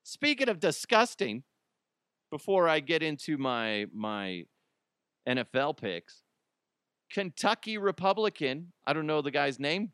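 Lively man hosting a comedy podcast. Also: a little high, no room sound, clean studio sound. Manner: animated, laughing, mocking asides. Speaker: podcast host. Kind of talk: casual comedic monologue.

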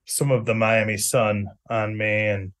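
A man's voice: lowish voice, flat delivery, unhurried, fairly bright tone. A middle-aged man co-hosting a casual sports podcast, talking in a chatty, jokey way with plenty of fillers. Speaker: podcast co-host, sports reporter.

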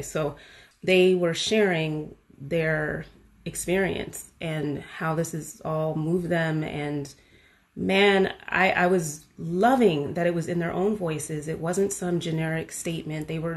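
A woman hosting a podcast, talking casually and with animated enthusiasm, full of fillers like "you know" and "like". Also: low voice. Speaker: podcast host. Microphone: podcast mic.

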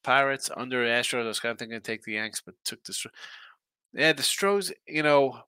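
Bright-voiced man rambling through betting picks. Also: medium pitch, a little fast, clean tone, no echo. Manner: rambling, thinking aloud, reacting to chat comments. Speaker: sports betting picks host. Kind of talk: casual live-stream chat.

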